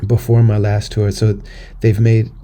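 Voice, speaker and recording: A man's voice: fairly low pitch, monotone, unhurried, warm tone. An American man hosting a podcast, talking earnestly in a personal monologue and often restarting his phrases. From United States. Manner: earnest, conversational, circles back on phrases. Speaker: podcast host.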